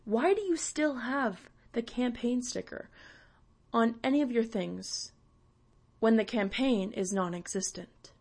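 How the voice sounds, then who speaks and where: Slow, blunt ranting woman. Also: a little high, darkish tone. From Canada. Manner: blunt, swearing, sarcastic. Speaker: podcast host. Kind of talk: ranting monologue.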